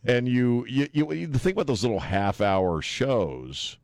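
A man's voice: medium pitch, lively intonation, unhurried, gravelly, a little mellow, dry recording. A man hosting a talk radio show, blunt and joking, laughing often as he chats in a studio. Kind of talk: casual radio banter. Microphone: studio microphone.

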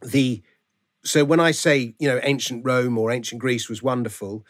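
A man's voice: mid-range voice, fairly even intonation, moderate pace. A man, a guest author, talking animatedly in a remote interview and often restarting his phrases. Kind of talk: conversational interview. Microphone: video call.

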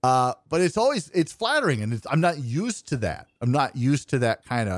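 A man's voice: medium pitch, sing-song, moderate pace, no room sound, studio quality. A young man co-hosting a podcast, telling a long, rambling story in casual chat and acting out the people in it with self-deprecating humor. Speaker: podcast co-host.

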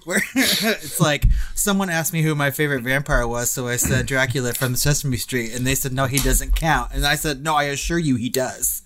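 A man's voice: mid-range voice, normal speed, hardly any pauses, fairly bright tone, a little hiss or hum. A man co-hosting a podcast in casual banter, giggling, swearing freely and trailing off mid-sentence. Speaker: podcast co-host.

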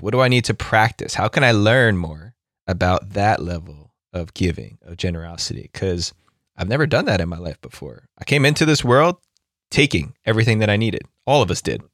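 Low-voiced guy hosting a podcast, thoughtful and chatty, super dry close sound. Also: lively intonation, moderate pace, fairly bright tone, no echo. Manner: reflective, often adds "right?". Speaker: podcast host. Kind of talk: casual conversation.

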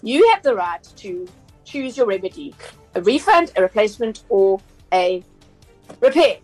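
A woman's voice: medium pitch, animated, normal speed, darkish tone, breathy edge, faint music behind, low-quality recording. A South African woman, a consumer journalist on a radio talk show, explaining things in a chatty way with frequent fillers and restarts.

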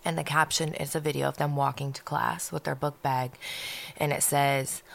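A woman's voice: low voice, flat delivery, normal speed, creaky. A woman co-hosting a podcast, chatting casually and telling stories in a blunt, profane way. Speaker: podcast co-host. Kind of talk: casual chat.

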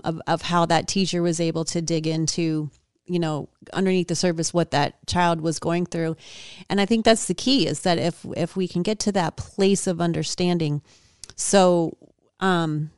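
A woman co-hosting a talk show, chatting in a calm, reflective way with many fillers. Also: fairly low pitch, clear, resonant tone, no room sound, clean studio sound. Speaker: co-host. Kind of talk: casual reflective chat.

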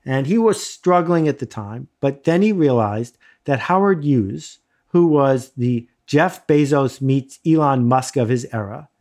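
A middle-aged man casually telling a self-mocking anecdote in lively bursts. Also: mid-range voice, unhurried. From United States. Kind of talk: casual storytelling.

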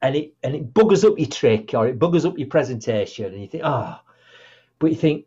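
A man's voice: medium pitch, brisk, breathy edge. A man, a guest speaker and author, telling stories in a podcast interview and acting out quotes. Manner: animated storyteller, acts out quotes. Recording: muffled lo-fi audio.

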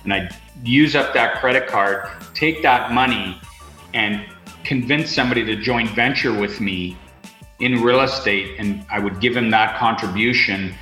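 A man's voice: fairly low pitch, a little slow, sharp tone, roomy sound, soft background music, poor audio. A man speaking as a podcast guest in casual interview talk, rambling with lots of fillers and restarts. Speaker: podcast guest, real estate investor.

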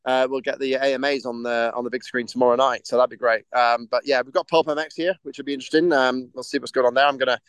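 A man's voice: medium pitch, fairly even intonation, quick pace, few pauses, fairly bright tone, clear, resonant tone, dry recording. A man co-hosting a casual podcast chat, rambling and hesitant with lots of restarts. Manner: rambling, hesitant, full of ums and restarts, laughs easily. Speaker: podcast co-host.

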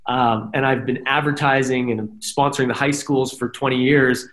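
A man's voice: medium pitch, normal speed. A man chatting as a podcast guest, explaining at length with frequent "right?" asides. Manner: animated, talks in long explanations with many "right?" asides. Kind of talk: casual podcast chat. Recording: roomy echo.

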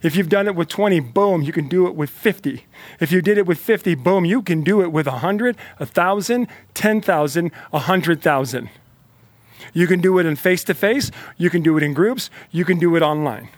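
Fired-up motivational man, higher voice. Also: normal speed, dry recording. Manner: emphatic, repetitive, fired-up; talks directly to the listener. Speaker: motivational speaker. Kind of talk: motivational monologue.

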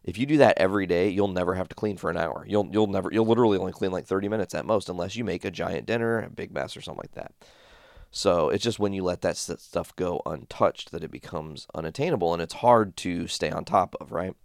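A man with a low, gravelly voice rambles through a story in casual, profane talk. He swears freely and gets animated as he retells it. The sound is close and dry, with no room echo. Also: fast. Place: home studio.

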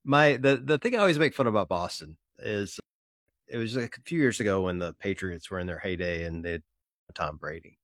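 Podcast host from Mississippi, low-ish male voice, close dry mic, joking, animated chat. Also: brisk, no room sound. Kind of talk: casual interview chat.

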